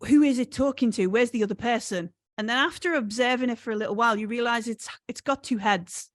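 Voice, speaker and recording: Woman, game master, hesitant narration, slightly high voice, dry close sound. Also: quick pace, no room sound. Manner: hesitant, lots of ums and restarts.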